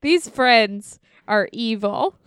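Slow-talking young woman podcast co-host. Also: a little high, lively intonation, a bit bright, clear, resonant tone, dry recording, clean studio sound. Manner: chiming in with jokes and laughter. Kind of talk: casual movie recap chat.

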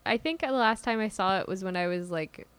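A woman's voice: medium pitch, brisk, fairly bright tone, clear, resonant tone, dry recording. A woman in her twenties co-hosting a podcast in casual chat, laughing a lot and joking. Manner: laughs a lot, playful jokes. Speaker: podcast co-host.

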